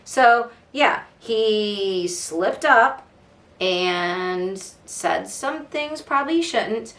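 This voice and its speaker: A woman's voice: medium pitch, lively intonation, extremely slow, fairly bright tone. A woman hosting a casual true crime podcast, sarcastic and fired up, mocking and swearing as she talks. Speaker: podcast host. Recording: echoey room.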